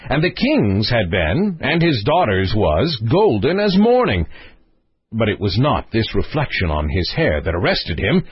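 A man's voice: medium pitch, breathy edge, dry recording. A man reading a storybook aloud as an audiobook narrator, telling it expressively, on a dull lo-fi recording.

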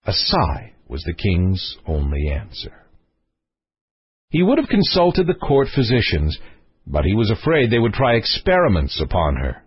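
Husky, expressive male storyteller. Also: fairly low pitch, unhurried, no room sound. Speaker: audiobook narrator. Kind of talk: storybook narration. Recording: dry, slightly dull recording.

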